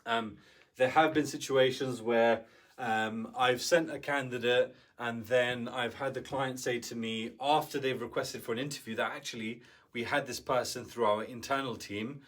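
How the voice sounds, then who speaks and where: A man's voice: mid-range voice, fairly even intonation, moderate pace. A man giving an instructional talk as a business coach, speaking conversationally and often checking in with the listener. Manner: conversational, keeps checking in with "right?".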